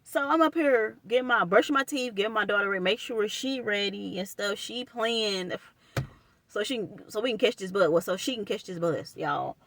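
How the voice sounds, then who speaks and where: A young woman with a medium-pitched voice and a moderate pace tells her viewers a personal story. She's animated and casual, addressing them as y'all.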